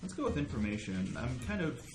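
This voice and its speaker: A man's voice: medium pitch, sing-song, fairly quick. A man playing in a tabletop game, affable and a bit hesitant, humming while he decides. The sound is roomy, with music behind him. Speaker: player. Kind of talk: casual tabletop play.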